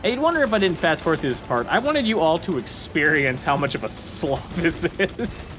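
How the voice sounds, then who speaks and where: A man's voice: on the high side, sing-song, brisk. A man hosting a let's play, commenting casually and playfully on his gameplay, laughing often and doing goofy voices. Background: game music and gunfire.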